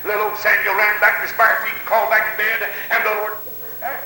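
A man preaching a sermon, emphatic and fervent, with frequent "uh" and "hallelujah" interjections and rises into shouts. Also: high-pitched, level tone, quick pace, hardly any pauses. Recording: echoey hall with faint hiss.

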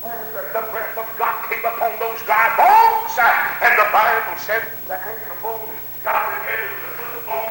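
A high, sharply bright male voice preaching a fervent sermon, peppered with "uh" and "hallelujah" and swelling into shouts. It rings through a very echoey hall with a faint hiss behind it. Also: lively intonation, normal speed, few pauses, faint music behind. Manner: emphatic, with frequent "uh" and "hallelujah" interjections.

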